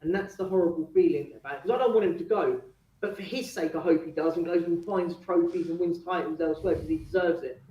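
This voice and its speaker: High-voiced man, fired-up fan caller, echoey distant muffled line. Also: quick pace. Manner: passionate, animated, swears. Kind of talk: fan phone-in chat.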